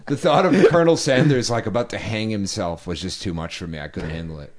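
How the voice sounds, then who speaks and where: A man co-hosting a podcast, making wry, deadpan asides in casual chat. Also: lowish voice, fast talker. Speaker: co-host.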